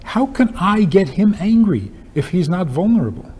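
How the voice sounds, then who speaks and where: This male rabbi's voice is high-pitched, expressive, husky and a little mellow, moving at normal speed. He gives a lecture full of funny anecdotes and sharp rhetorical questions, sounding emphatic and wry.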